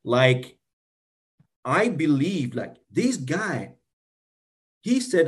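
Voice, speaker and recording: A man's voice: on the high side, big pitch swings, extremely slow. A man hosting a podcast, speaking earnestly and eagerly, pressing his guest with questions. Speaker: podcast host. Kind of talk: interview conversation.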